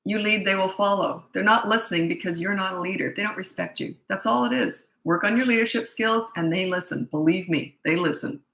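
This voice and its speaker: A middle-aged woman coaches parents through viewer questions in a casual live Q&A, speaking bluntly, emphatically and repetitively. Her medium-pitched voice is a bit bright and creaky, a little fast with few pauses, on a low-quality recording in an echoey room.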